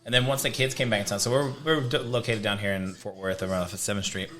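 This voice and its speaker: A man's voice: fairly low pitch, steady tone, quick pace, fairly bright tone. A man hosting a podcast, telling a story in a laid-back way and swearing casually. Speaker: podcast host. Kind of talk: casual chat.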